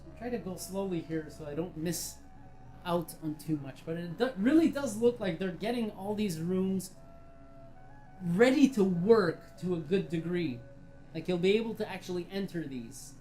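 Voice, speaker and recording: A woman's voice: lowish voice, expressive, moderate pace, warm tone, soft background music, poor audio. A woman giving casual, enthusiastic commentary while playing a virtual reality game, chatty and swearing freely. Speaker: VR game reviewer.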